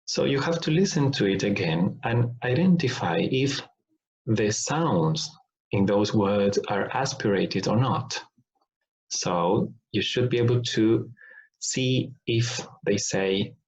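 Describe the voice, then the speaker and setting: A man talks through a phonetics lesson at a slow, careful pace. He repeats example words to demonstrate each sound and often checks in with "all right?" The recording is dull and lo-fi. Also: fairly low pitch. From Argentina. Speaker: phonetics teacher.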